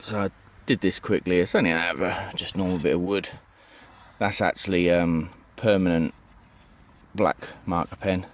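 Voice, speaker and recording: Touring his allotment outdoors, a vlogger chats and rambles with lots of ums, asides and "you know what I mean." He has a deep voice with fairly even intonation and talks at a normal speed.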